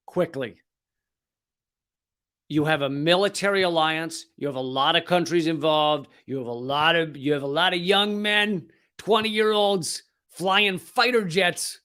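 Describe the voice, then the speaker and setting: A man's voice: a little high, unhurried, bright, forceful tone, clean tone. A man hosting a comedic political commentary show, sarcastic and profane, acting out silly voices as he rants. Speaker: host.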